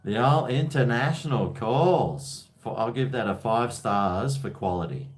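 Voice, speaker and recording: A man's voice: mid-range voice, animated, a little slow. A man hosting a casual call-in live stream, rambling and tipsy between shots. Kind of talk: casual chat with callers.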